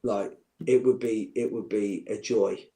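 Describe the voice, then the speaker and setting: A man's voice: fairly low pitch, steady tone, measured pace, mellow. A middle-aged man, chatting as a podcast guest, joking and heartfelt by turns. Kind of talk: casual chat.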